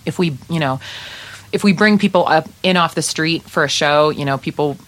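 Low-voiced woman chatting as a guest. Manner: chatty, storytelling, quick asides. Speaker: musician guest. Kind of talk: casual interview chat.

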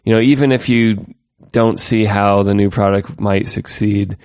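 A man's voice: fairly low pitch, fairly even intonation, a little slow, a little mellow, dry recording, clean studio sound. A man co-hosting a casual tech podcast, chatty and sarcastic, laughing often. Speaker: podcast co-host.

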